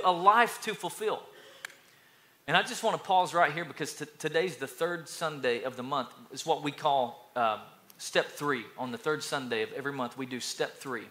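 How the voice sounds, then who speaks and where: A man pastor preaching a sermon to his church, energetic, repeating phrases and telling stories. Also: on the high side, normal speed. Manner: energetic preaching with repetitions and storytelling.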